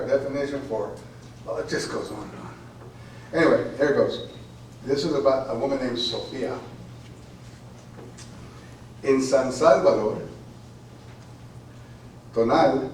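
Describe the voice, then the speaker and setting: A man's voice: medium pitch, darkish tone, a little hiss or hum. A man, a poet at a college event, who chats loosely with repeated words and then reads his poem intensely. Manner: rambling and repeats words in talk, intense and emphatic when reading. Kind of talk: informal remarks then a dramatic poetry reading. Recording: echoey room, voice from far off.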